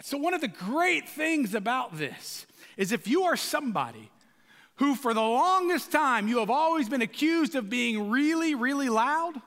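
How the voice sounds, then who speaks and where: Loud, passionate high-voiced preacher. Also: male voice, big pitch swings, moderate pace, big-room sound. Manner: loud and passionate, shouting for emphasis. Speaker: pastor. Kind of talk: sermon.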